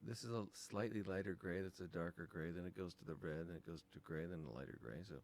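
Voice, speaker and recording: A man's voice: sits low, fast, a little mellow, slight background noise. A man teaching design, talking through files on a screen capture in a casual, thinking-aloud way with many ums. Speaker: design instructor.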